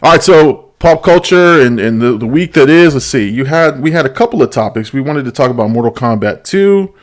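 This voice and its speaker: A man's voice: medium pitch, expressive, brisk. A middle-aged man hosts a laid-back pop culture show. He talks casually and hesitantly, with frequent restarts and small laughs between thoughts. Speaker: podcast host.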